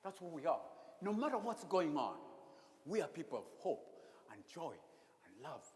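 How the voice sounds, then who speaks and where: A man preaching a sermon as a priest, expressive, sometimes dropping to a whisper when he speaks prayers. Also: fairly high pitch, moderate pace. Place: church sanctuary. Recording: echoey church hall.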